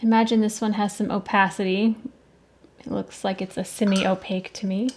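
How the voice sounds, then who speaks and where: A woman who hosts an art channel chats casually while swatching watercolors at her desk, musing, rambling a little and correcting herself. Her medium-pitched voice is a little mellow with little pitch movement, at a moderate pace, over faint background noise with clicks.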